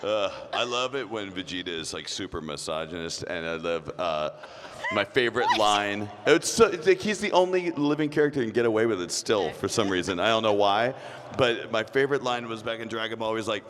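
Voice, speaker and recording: Lowish guy joking around on a con panel, lively, big echoey hall w/ some noise. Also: brisk. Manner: joking, laughs often. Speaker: voice actor on a convention panel. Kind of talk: casual panel chat.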